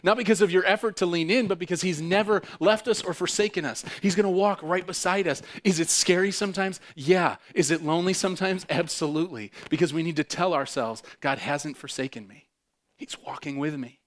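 A man delivers a sermon as a pastor, his voice sitting high and moving briskly with few pauses. He alternates between loud, fervent outbursts and quiet, intimate stretches, repeating phrases to drive points home.

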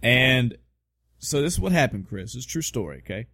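A man's voice: medium pitch, sing-song, a little fast, vocal fry, pushed and bright, breathy edge, dry recording, clean studio sound. A man co-hosting a casual podcast, rambling and swearing with self-mocking humor. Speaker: podcast co-host. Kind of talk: casual chat.

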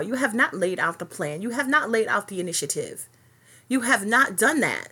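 A woman's voice: a little high, a bit bright, slightly rough. A woman hosting her own podcast, talking alone in a passionate, profane rant that rambles with many fillers and restarts. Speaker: podcast host. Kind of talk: solo podcast monologue.

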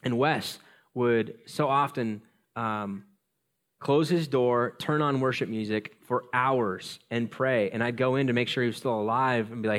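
A man's voice: medium pitch, moderate pace. Casual, storytelling male pastor. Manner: conversational, self-deprecating, animated storytelling. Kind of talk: sermon.

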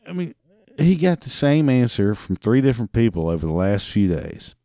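A man's voice: medium pitch, animated, normal speed, dark tone, dry recording, clean studio sound. A man in customer service ranting through a story about a stubborn customer, profane, sarcastic and exasperated. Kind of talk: storytelling rant.

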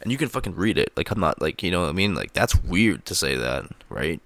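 A man's voice: deep voice, big pitch swings, fairly quick, gravelly, fairly bright tone, no room sound. A man vlogging into a close mic, rambling in casual, profane commentary full of fillers. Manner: profane, filler-heavy, laughs at own jokes. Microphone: close microphone.

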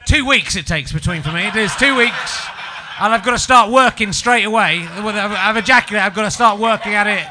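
A man's voice: high-pitched, fairly quick, few pauses, background noise. Rambling English man in his forties. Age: 40s. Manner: rambling, self-mocking, laughs often. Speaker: podcast host. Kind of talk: casual comedy chat.

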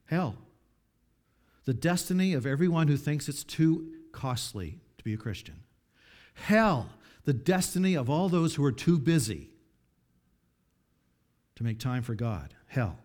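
A man preaches a sermon, reading scripture aloud and commenting on it, swinging dramatically from hushed pleas to loud appeals. His mid-range voice is sing-song and unhurried, with frequent pauses.

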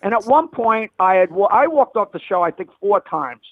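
A comedian guest telling blunt stories over the phone, rambling with frequent restarts. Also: male voice, sits high, animated, normal speed, slightly rough, no room sound. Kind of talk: phone interview, storytelling. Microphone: telephone. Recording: dry phone line.

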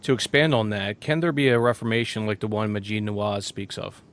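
Young man, low voice, interviewer, hesitant, lots of um and uh. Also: brisk. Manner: hesitant, many fillers. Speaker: interviewer, podcast host. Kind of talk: casual interview.

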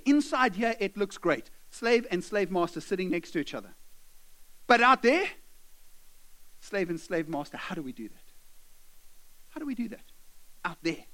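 A man with a high voice preaches in a church. He talks to the congregation as if chatting with them, addressing them directly and casually. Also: expressive, moderate pace, bright, forceful tone. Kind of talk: sermon.

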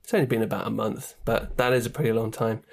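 A man's voice: lowish voice, steady tone, quick pace, gravelly. Guy hosting a podcast, rambly and jokey, cheap mic. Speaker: podcast host. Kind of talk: casual podcast chat. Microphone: poor-quality home microphone.

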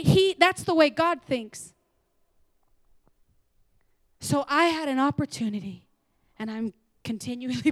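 A woman preaching a sermon to a church, animated and laughing, sometimes dropping into whispers. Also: high voice, no room sound, clean studio sound.

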